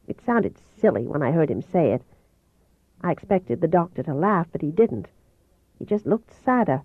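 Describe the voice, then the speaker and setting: A woman reading a novel aloud in the first person with steady, even storytelling. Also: lowish voice, moderate pace, breathy edge, dry recording. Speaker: audiobook reader. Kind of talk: first-person audiobook narration. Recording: dull, dry home recording.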